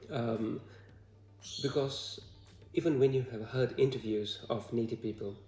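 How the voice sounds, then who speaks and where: A man from Bhutan with a Bhutanese accent, talking to the camera in a hesitant, halting way full of fillers. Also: mid-range voice, steady tone, mellow, reverberant, faint music behind. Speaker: vlogger. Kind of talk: casual talk to camera.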